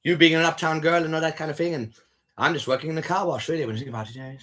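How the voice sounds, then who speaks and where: A man's voice: on the high side, racing, fairly bright tone. A man hosting a livestream who teases and mocks a caller with flirty provocations. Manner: teasing, mocking, flirty provocations. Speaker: livestream host talking to callers. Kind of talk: taunting live call-in chat.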